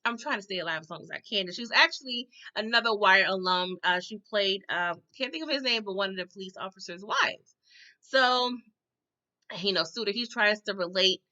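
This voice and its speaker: A woman's voice: mid-range voice, fairly quick, bright, forceful tone, lo-fi sound. A woman giving a casual, chatty recap of a TV episode. She acts out the characters' lines and keeps tagging her sentences with "okay?". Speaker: TV recap host.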